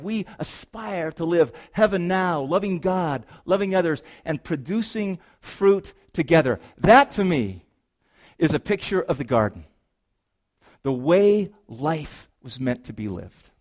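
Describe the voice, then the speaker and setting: A man delivers a sermon from the pulpit in a fairly high voice. He swings between reading scripture and lively, joking asides to his listeners, peppering them with rhetorical questions. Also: measured pace. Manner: animated, rhetorical questions to the congregation; reads scripture aloud, then riffs with playful asides. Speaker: pastor.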